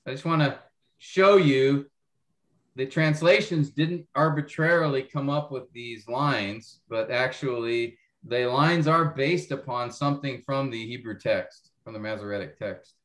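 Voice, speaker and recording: A man's voice: mid-range voice, a little slow, a bit bright. Man teaching a class in an echoey room. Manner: explanatory, checks understanding often. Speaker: Bible teacher. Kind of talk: online class lecture.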